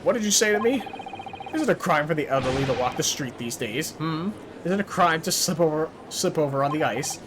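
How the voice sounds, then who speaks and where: Guy doing grumpy old juror yelling back, louder and higher, music under it. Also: animated, a little fast, background noise, natural voice. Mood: indignant. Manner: indignant, repeating rhetorical questions. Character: irate old man juror, quick to take offence. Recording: game music behind.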